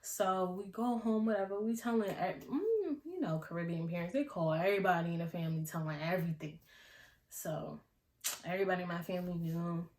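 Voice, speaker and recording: A young adult woman vlogger telling a casual storytime in an animated, slangy way, often breaking into laughs. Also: lowish voice, a little fast. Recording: roomy echo.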